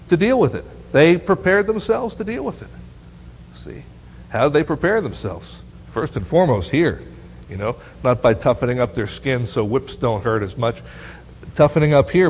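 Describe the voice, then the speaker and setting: A man preaching a sermon as pastor, animated and often asking the congregation questions. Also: mid-range voice. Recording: long hall reverb.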